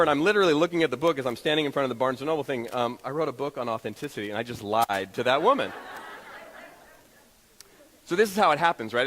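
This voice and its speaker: A man giving a motivational talk to an audience, telling stories in an animated, self-deprecating way. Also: on the high side, in a large hall, a little hiss or hum, low-quality recording. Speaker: motivational speaker. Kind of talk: storytelling keynote talk to an audience.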